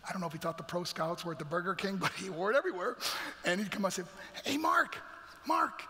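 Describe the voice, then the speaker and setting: Middle-aged male guest speaker, high bright voice, dramatic testimony, big church echo. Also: rapid-fire. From New York. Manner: dramatic, emphatic storytelling with acted quotes. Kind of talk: motivational testimony. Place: large church hall. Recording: reverberant church hall.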